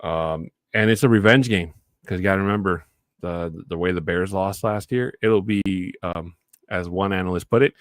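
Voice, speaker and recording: A man hosting a solo sports talk show, chatting casually about the week's games and breaking into loud, enthusiastic shout-outs. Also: low-pitched, normal speed, dry recording, clean studio sound.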